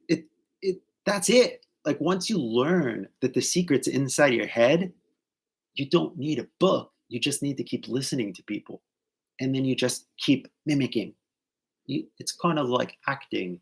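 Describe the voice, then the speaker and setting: A man's voice: medium pitch, expressive, measured pace, gravelly, husky. A man with an American accent, talking casually as an English teacher and actor, full of "like"s and switching between English and Japanese. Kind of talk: casual talking-head advice vlog.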